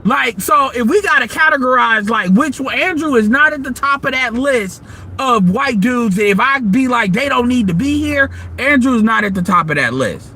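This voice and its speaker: A man's voice: very high voice, animated, normal speed, sharp tone, a little hiss or hum. A man hosting an online audio room, ranting bluntly and profanely in casual commentary.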